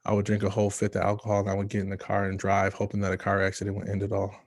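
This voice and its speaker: A man from Michigan giving a motivational speech, telling his own story with dramatic pauses and hushed asides. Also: fairly low pitch, monotone, dry recording, clean studio sound. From Michigan, USA. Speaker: motivational speaker.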